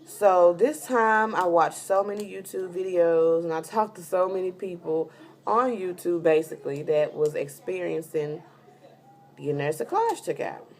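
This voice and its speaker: A woman with a lowish voice talks through a casual vlog update. She is heavily pregnant and tired, and she rambles chattily with plenty of fillers as she tells her story. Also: measured pace. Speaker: vlogger giving a pregnancy update.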